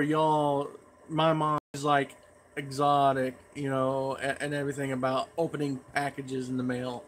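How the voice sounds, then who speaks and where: A man's voice: fairly high pitch, a little hiss or hum. A man chatting in a folksy, rambling way as a pipe tobacco vlogger. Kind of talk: casual rambling vlog.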